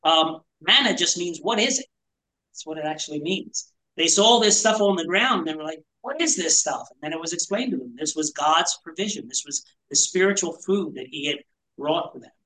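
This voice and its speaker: A man's voice: a little high, a little fast, bright, forceful tone, low-quality recording. A man teaching a Bible study to a small group in a conversational, explanatory way, asking rhetorical questions.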